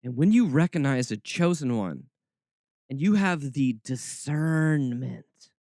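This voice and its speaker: A man putting on a slow, sing-song Southern accent to mock a doom-preaching woman prophet. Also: a little high, creaky, a little mellow, no echo, clean studio sound, heavily acted. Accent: Southern US (put on).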